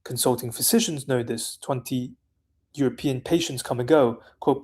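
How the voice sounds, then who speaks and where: A man reads a serious nonfiction text aloud at a measured pace. His voice sits at an everyday middle pitch. He leans on key phrases and sometimes stumbles and restarts a word. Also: a little mellow, husky. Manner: measured, deliberate reading with small restarts. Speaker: reader of a book. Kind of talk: reading a nonfiction book aloud.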